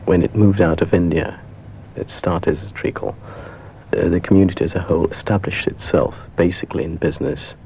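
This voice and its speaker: Very deep-voiced East African man, reflective. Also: fairly even intonation, dark tone, slight background noise. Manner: thoughtful, measured, self-correcting. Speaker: interviewee. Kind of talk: reflective interview answer. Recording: muffled 1970s radio recording.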